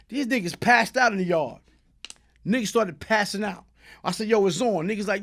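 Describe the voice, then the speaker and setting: A middle-aged man, a guest telling stories in a casual interview, in animated street slang that bursts into loud shouting. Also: extremely high pitch, a little fast. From New York.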